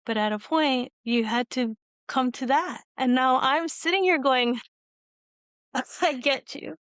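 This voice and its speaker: A woman's voice: sits high, takes it slowly, fairly bright tone, clear, resonant tone, dry recording. A woman hosting a video-call interview, telling a long personal story in a rambling, tearful way with frequent laughs. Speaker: host. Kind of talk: emotional conversational storytelling.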